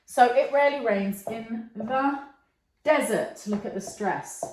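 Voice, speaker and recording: A woman's voice: on the high side, a little slow, a little mellow. A woman teaching a lesson, patiently checking in with her learners as she explains. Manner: patient, checks in with okay and yeah. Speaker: English teacher. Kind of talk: online English lesson. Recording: echoey room.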